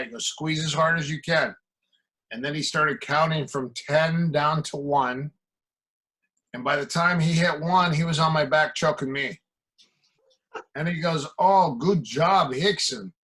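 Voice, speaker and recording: This is a fairly high, pushed and bright male voice at a moderate pace, captured in a rough recording. The speaker, a middle-aged martial arts coach from the American Midwest, is a podcast guest telling casual stories and voicing the quoted exchanges.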